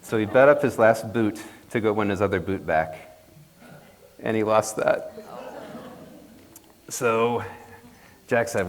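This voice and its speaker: A man's voice: on the low side, slow pace, long pauses. A man telling a folk tale to a congregation in a playful, chatty way, with jokey asides. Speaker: storyteller. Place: church hall. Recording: long reverb of a hall.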